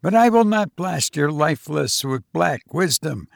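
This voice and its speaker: A man's voice: fairly high pitch, expressive, unhurried, gravelly, no room sound, studio quality. A man reading as a raving ageless sorcerer. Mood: raving, contemptuous. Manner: grandiose, ranting. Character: ancient raving male sorcerer, arrogant and scornful.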